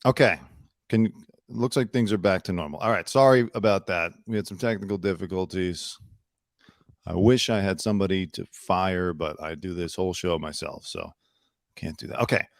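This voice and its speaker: A man's voice: deep voice, moderate pace, no echo, clean studio sound. A young man hosting his own news commentary show from home, chatty and sarcastic, talking into a computer mic. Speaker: host.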